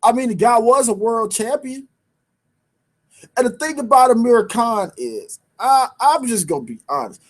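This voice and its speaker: A man's voice: very high voice, lively intonation, moderate pace. A man hosting a sports talk show, bantering in casual street slang and repeating his points for emphasis. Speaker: sports radio host.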